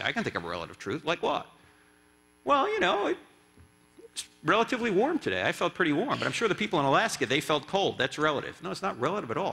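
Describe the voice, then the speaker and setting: Animated man lecturing in a reverberant church. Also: on the high side. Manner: animated, asks the crowd rhetorical questions, joking asides. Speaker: guest speaker and apologist. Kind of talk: lively church lecture with audience banter. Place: church sanctuary. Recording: long reverb of a church hall.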